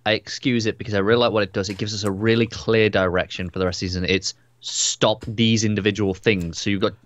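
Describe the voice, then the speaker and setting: A man co-hosting a TV review show, chatting casually in a measured, agreeable way. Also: fairly low pitch, fairly even intonation, no echo. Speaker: TV review podcast co-host. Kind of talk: casual chat.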